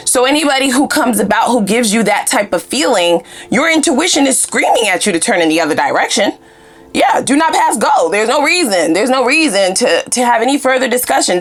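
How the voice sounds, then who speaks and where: A woman giving a casual tarot reading in a blunt, profane and animated way. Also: medium pitch. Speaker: tarot reader.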